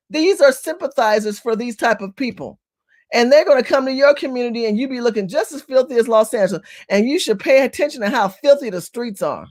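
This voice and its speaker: A woman with a fairly high voice hosts a live stream. She talks straight to her viewers as "family", hammering points home by repeating them. Rhetorical questions come one after another. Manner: emphatic and repetitive, firing rhetorical questions at viewers. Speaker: livestream host.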